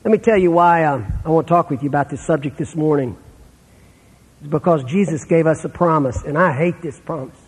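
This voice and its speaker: Middle-aged guy preaching, husky and kinda high, big hall echo. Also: brisk. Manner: storytelling, dropping to a hush for sad moments. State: terminal illness, on breathing treatments. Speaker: pastor. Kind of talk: sermon.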